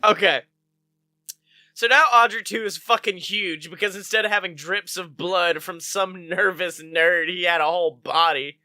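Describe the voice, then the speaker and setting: Bright-voiced man, dry close sound. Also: high voice, steady tone, normal speed, no room sound. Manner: loose and profane, laughs often. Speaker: podcast co-host. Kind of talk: casual chat.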